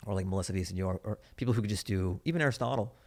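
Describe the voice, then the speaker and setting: A man's voice: fairly low pitch, darkish tone. A man hosting a podcast, chatting casually and joking around. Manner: joking, puts on quick silly voices. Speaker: podcast host. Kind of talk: casual chat.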